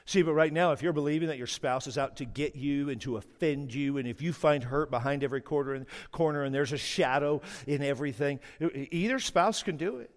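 A middle-aged male pastor preaches with humorous, animated storytelling, teasing his congregation as he goes. His voice sits a little high for a man. It carries a long reverb from the church sanctuary. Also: fairly quick, hardly any pauses. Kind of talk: sermon.

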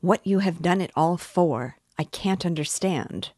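A woman's voice: lowish voice, measured pace, a little mellow, husky, no room sound, clean studio sound. A woman reading aloud and voicing an earnest, principled young man who angrily and insistently accuses another man. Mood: angry.

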